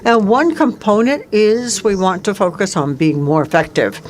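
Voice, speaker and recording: A woman's voice: mid-range voice, moderate pace, darkish tone, slight background noise. A woman interpreting a forum speech live, speaking steadily and evenly in the first person. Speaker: simultaneous interpreter.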